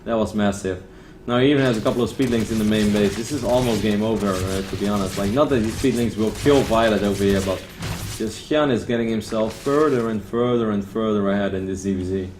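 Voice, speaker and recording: A man's voice: fairly low pitch, a little fast, roomy sound, noisy background. A man casting a strategy game match solo, chatty and analytical with candid asides. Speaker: esports caster. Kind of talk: solo esports play-by-play commentary.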